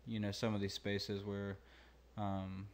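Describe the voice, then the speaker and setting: Man, low voice, monotone, laid-back, thinking aloud, casual mixing tutorial. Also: slow pace. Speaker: mixing engineer and channel host.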